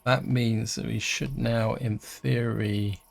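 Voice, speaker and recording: A middle-aged man giving casual let's-play commentary, chatty and hesitant, thinking aloud with many pauses. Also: lowish voice, steady tone, creaky. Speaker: gaming channel host.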